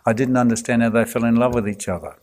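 A man, a clergyman giving a reflective talk full of anecdotes and gentle humour. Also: mid-range voice, fast.

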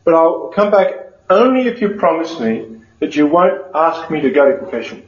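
A man's voice: a little high, sing-song, moderate pace. A wary young woman, as a male priest puts her on, strikes a bargain in a raised tone. The recording is muffled and roomy, with echo around the voice. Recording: dull, echoey room.

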